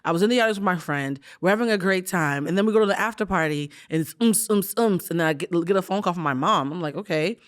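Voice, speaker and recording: A woman hosting a podcast, telling stories in a lively, casual way with quick asides. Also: lowish voice. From United States. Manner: fast, animated storytelling with quick asides. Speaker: podcast host. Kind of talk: casual storytelling chat.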